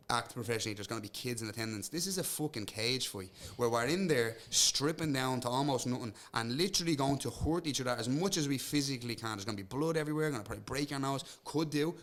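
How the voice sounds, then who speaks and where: A young Irish man, a podcast guest who tells fight stories in casual chat, swearing freely and acting out quotes. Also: medium pitch. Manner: fast, swearing storytelling with acted quotes.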